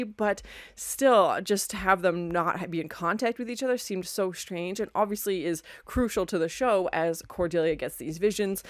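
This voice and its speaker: A woman's voice: fairly low pitch, no room sound, studio quality. A young woman hosting a reaction video, casually talking through her thoughts on an episode she just watched. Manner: exclaims often, then talks at length in an even, thoughtful way.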